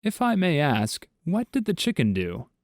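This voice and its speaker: A man's voice: fairly high pitch, huge pitch swings, moderate pace, darkish tone, no room sound, studio quality, voice pushed up. A man voicing a talking male parrot who speaks with formal, overly courteous manners in a storybook joke. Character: polite talking male parrot, calmly apologetic.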